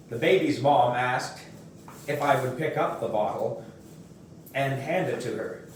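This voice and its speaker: A man reads a children's book aloud at home in a slow, steady storytelling manner. The room is very echoey and the mic sits far from him. A faint hiss runs underneath. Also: mid-range voice. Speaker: reader.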